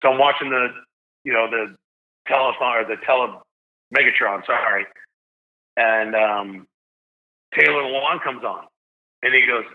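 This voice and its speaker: A man in his thirties, a podcast guest, telling an emotional story and getting loud as he relives the big moments. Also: mid-range voice, a little slow, pauses often. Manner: animated, shouts when reliving big moments. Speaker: guest, stadium PA announcer. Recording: slightly dull lo-fi sound.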